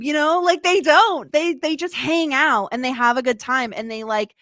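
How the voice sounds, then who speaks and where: A woman co-hosting a podcast, chatting casually about a film in an animated, playful, emphatic way. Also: high-pitched, normal speed, hardly any pauses, dry recording, studio quality. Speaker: podcast co-host. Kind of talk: casual chat.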